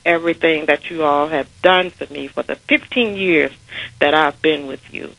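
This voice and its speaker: A woman's voice: low-pitched, normal speed, vocal fry, a bit bright, no room sound, muffled recording. A middle-aged woman calling in to a radio show, gushing with gratitude. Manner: grateful, gushing. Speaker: caller, honoree.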